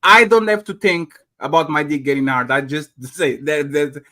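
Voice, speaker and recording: Young male podcast host, bright and brash, casual debate style. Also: on the high side, animated, normal speed. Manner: blunt, crude, swings from loud to muttered.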